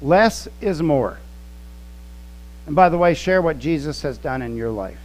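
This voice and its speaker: Slow, emphatic preacher man. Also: on the high side, animated, a little mellow, rough recording. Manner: slow, emphatic teaching with quoted scripture and word studies. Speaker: pastor. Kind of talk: sermon.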